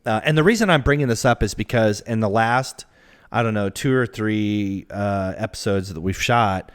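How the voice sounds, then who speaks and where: A man's voice: on the low side, normal speed, clear, resonant tone. A man from the American Midwest co-hosting a podcast, chatting candidly and a little self-deprecatingly about his dating life. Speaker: podcast co-host. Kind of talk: casual chat.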